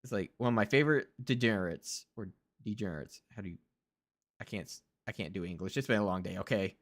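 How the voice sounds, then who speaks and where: A man's voice: lowish voice, quick pace. A young man streaming as a VTuber, reacting to videos with casual, profane, ranting commentary. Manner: ranting, heavy swearing.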